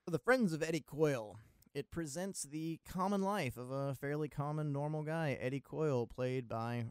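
A man's voice: on the high side, normal speed, a little mellow, smooth, dry recording, studio quality. A man from Maryland hosting a casual movie podcast, rambling, sarcastic and profane. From Maryland, USA. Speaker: podcast host.

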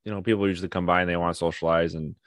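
A young man co-hosting a podcast in casual chat, telling family stories with animation and acting out his toddler in high voices. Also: flat delivery, very fast, smooth, no room sound. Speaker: podcast co-host.

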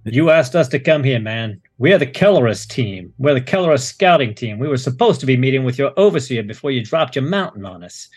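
A man's voice: mid-range voice, lively intonation, brisk, few pauses, breathy edge, no room sound, studio quality. Krieg, a man playing a cocky sarcastic operative. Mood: brash. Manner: sarcastic, brash and confident. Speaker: player.

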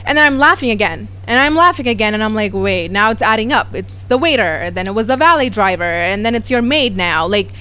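A woman and vlogger telling gossip stories in a lively casual chat, often quoting others. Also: a little high, fast talker, few pauses, clear, resonant tone. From United States. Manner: animated storytelling, quoting others.

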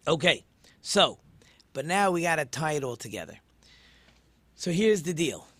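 A man's voice: fairly high pitch, sing-song, moderate pace, fairly bright tone, no room sound. A man, a rabbi who hosts a short talk show, teaching in an earnest, casual way and often restarting his words. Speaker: rabbi and podcast host.

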